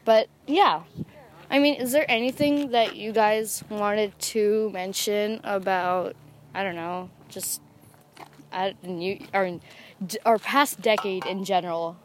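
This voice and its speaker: A woman's voice: medium pitch, steady tone, takes it slowly, slight background noise. A teenage girl co-hosting a podcast, chatting casually with friends in a public park, giggly and rambling with lots of fillers. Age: teens. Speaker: podcast co-host.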